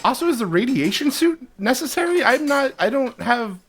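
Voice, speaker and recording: Guy doing improv, all ums and stammers, pitch jumps around a lot. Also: big pitch swings, normal speed, fairly bright tone, a little hiss or hum. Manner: hesitant, stammering, lots of ums. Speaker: podcast co-host. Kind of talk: improv comedy sketch.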